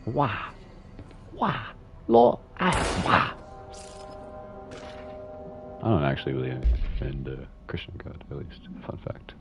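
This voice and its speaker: A man's voice: rumbling low, sing-song, moderate pace, creaky, dull audio, over music. A young man streaming a game, casually reading in-game letters aloud with laughing, swearing commentary.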